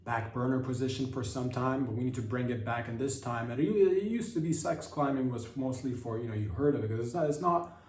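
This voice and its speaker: A man's voice: medium pitch, fairly quick, a little mellow, reverberant, distant mic, slight background noise. A man hosting a podcast, riffing on the news in a rambling, mock-serious comedic way. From Canada. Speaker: podcast host.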